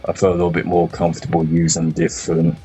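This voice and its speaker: A man chatting casually about a game, relaxed and swearing freely. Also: low-pitched, fast. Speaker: gaming podcast host. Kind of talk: casual chat. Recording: muffled lo-fi sound, faint music.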